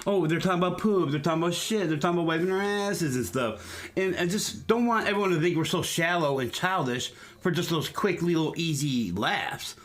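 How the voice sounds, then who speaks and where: An older man co-hosting a podcast, telling crude stories in a deadpan, casual way. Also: on the high side, a little fast. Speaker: podcast co-host. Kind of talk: casual banter.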